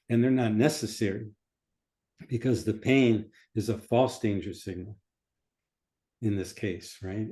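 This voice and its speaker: Dr explaining stuff in an interview, calm guy, warm low voice, repeats himself a lot. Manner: calm, methodical, repeats phrases. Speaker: physician.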